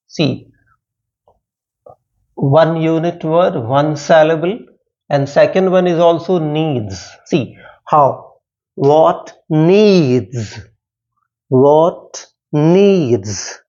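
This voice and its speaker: Slow, repetitive male teacher. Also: a little high, a little mellow. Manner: slow, repetitive, stressing syllables aloud. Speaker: English literature teacher. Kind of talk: poetry lesson explanation. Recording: dull lo-fi sound.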